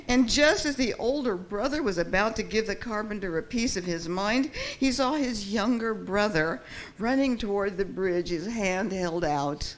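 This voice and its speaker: Woman pastor telling a story at church, expressive and lively. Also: mid-range voice, measured pace, a little hiss or hum.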